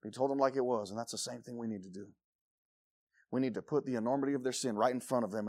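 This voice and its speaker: A man preaching a sermon, jumping from loud exclamations to quiet low asides and acting out shouting crowds. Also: fast. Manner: acts out the crowd in short shouted bursts.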